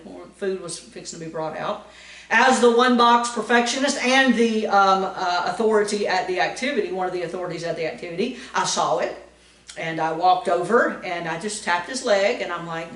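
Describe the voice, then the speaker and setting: A middle-aged woman telling personal stories in a devotional talk, acting out what people said with lively energy. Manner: animated storytelling, acting out quoted lines in a higher, louder voice. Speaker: Christian educator giving a devotion. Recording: roomy, voice a bit far from the mic.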